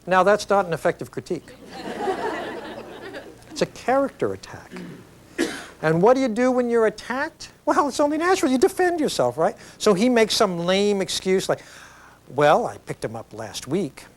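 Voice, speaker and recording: A middle-aged man giving an educational video lecture, explaining ideas in a conversational, animated storytelling way with frequent tag questions. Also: high voice, normal speed, some chatter behind.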